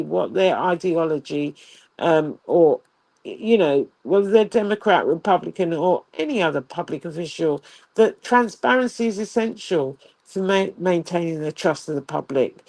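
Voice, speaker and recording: Female co-host, rambling political chat, gravelly fry, dry close sound. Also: lowish voice, darkish tone, no room sound. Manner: chatty, restarts and filler, laughs easily. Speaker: co-host of a political talk show. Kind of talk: casual political commentary.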